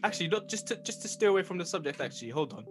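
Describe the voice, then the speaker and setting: A man's voice: high voice, expressive, racing, over music. A young man in his late teens co-hosting a casual podcast, joking and slangy, laughing often. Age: young adult. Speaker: podcast co-host. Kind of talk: casual chat.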